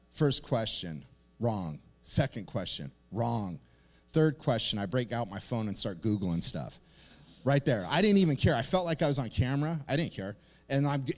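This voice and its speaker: Casual joking pastor in a reverberant hall. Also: male voice, medium pitch. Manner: storytelling, joking, conversational with fillers. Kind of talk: casual sermon. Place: church sanctuary.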